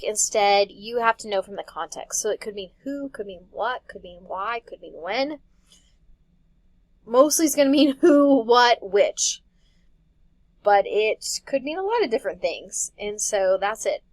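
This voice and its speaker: A woman's voice: fairly high pitch, animated, unhurried, rough recording. A woman teacher giving a casual recorded lecture, patiently explaining step by step with small laughs. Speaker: Greek teacher.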